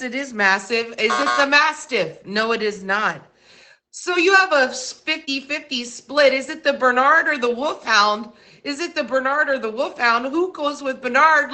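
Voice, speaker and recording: A woman's voice: fairly high pitch, bright, forceful tone. A woman hosting a live-stream trivia quiz, asking questions and reading out facts in a chatty way, with small slips along the way.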